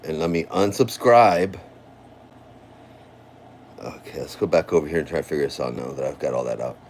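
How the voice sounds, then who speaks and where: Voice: extremely low pitch, moderate pace, a little mellow, a little hiss or hum. A livestreamer at home, ranting and mocking in a profane, sing-song way. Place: home, indoors.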